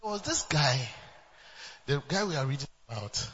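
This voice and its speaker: A man's voice: on the high side, big pitch swings, normal speed, pushed and bright, in a large hall, highs cut off, slight background noise. A man preaching a sermon as pastor, emphatic, with repeated refrains and bursts of laughter.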